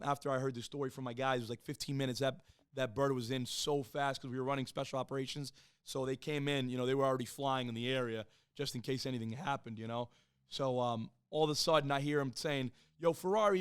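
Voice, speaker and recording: A man in his thirties talks fast in a smooth, clear voice that sounds close and dry. He is a podcast guest telling his own story in a casual, profane way. He acts out the voices of the people he quotes. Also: medium pitch, a bit bright, no echo. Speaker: podcast guest, former Marine and police officer.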